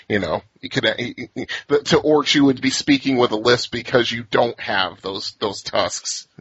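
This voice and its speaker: A man's voice: medium pitch, moderate pace, a bit bright, husky, no room sound, dull audio. Laughing, rambling podcast host man. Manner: laughs often, rambling with restarts. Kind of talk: casual chat.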